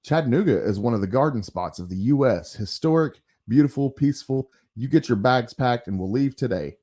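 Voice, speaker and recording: A man reading aloud from a comic as an excitable older man on a trip, in an eager, chatty delivery. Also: medium pitch, fairly quick, lightly acted. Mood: enthusiastic.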